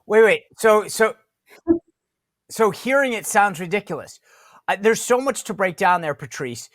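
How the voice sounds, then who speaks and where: A man's voice: high voice, animated, unhurried, fairly bright tone, no echo. A man hosting a podcast, giving casual political commentary in an emphatic way and stumbling over repeated words when worked up. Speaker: podcast host.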